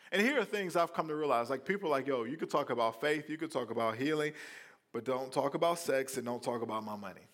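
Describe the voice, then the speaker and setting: A male pastor preaching a sermon in a conversational, animated way, with playful asides to the congregation. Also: on the high side.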